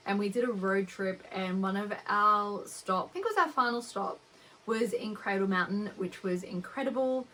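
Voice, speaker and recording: A woman's voice: medium pitch, sharp tone, slight background noise, poor audio. A young woman with an Australian accent, hosting a knitting podcast in a rambling, chatty way. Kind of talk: casual chat.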